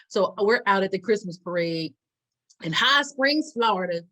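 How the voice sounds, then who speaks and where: A young adult woman co-hosting a podcast, telling a story in a lively way and acting out the quotes. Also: medium pitch, normal speed, poor audio. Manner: animated storyteller, acts out quotes with loud laughs. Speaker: podcast co-host. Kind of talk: casual storytelling chat.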